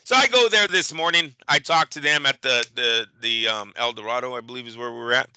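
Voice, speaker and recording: A man co-hosting a show, telling a story in casual chat, animated and profane, acting out the people he quotes. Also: mid-range voice, brisk, clear, resonant tone, dry recording, low-quality recording. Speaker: boxing show co-host.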